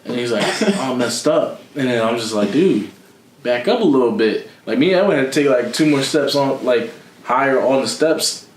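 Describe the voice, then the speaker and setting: Young guy, mid pitch, slangy storyteller who laughs a lot; echoey room. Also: animated, normal speed. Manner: laughing often, slangy, acting out voices of others. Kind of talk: casual storytelling chat.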